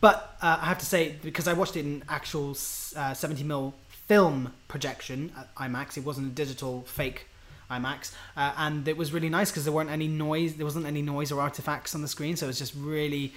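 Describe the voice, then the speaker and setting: A man co-hosting a casual podcast chat, enthusiastic and quick to laugh and tease. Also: fairly high pitch, steady tone, fairly bright tone. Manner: enthusiastic, laughs easily, teasing. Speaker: podcast co-host.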